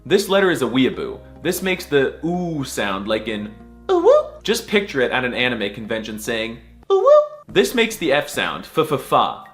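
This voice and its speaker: A man's voice: medium pitch, big pitch swings, normal speed, hardly any pauses, fairly bright tone, faint music behind. A man giving a comedic alphabet lesson, with exaggerated mock-serious delivery and sudden squealing outbursts. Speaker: comedy language tutor.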